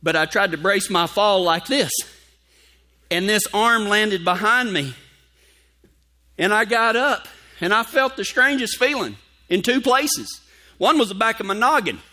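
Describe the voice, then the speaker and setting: Bright, high-voiced preacher man. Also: animated, unhurried, long pauses. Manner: folksy storytelling, drops to a hushed tone for scripture. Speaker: pastor. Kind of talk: sermon with personal story.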